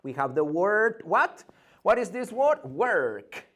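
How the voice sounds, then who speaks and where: Animated man teaching English pronunciation. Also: high-pitched, takes it slowly. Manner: animated, theatrical, drills sounds with repetition. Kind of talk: energetic online pronunciation lesson.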